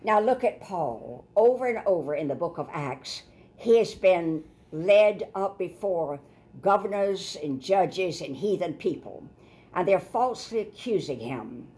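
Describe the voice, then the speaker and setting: A woman's voice: lowish voice, animated, measured pace, dark tone. A woman preaching a sermon, explaining scripture in a folksy, emphatic way and repeating herself for stress. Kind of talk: sermon with running commentary on scripture.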